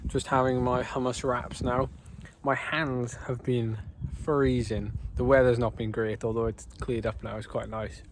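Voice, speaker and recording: A man's voice: medium pitch, flat delivery, a little slow, hardly any pauses, a little hiss or hum, low-quality recording. A man chatting casually to a handheld camera outdoors during a long bike ride, rambling with plenty of fillers. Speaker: cyclist vlogger.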